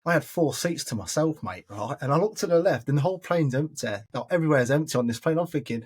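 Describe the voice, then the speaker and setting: A man's voice: fairly high pitch, animated, quick pace, hardly any pauses, darkish tone, husky. An Englishman hosting a podcast, chattily telling stories and calling his listener mate. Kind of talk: casual storytelling chat.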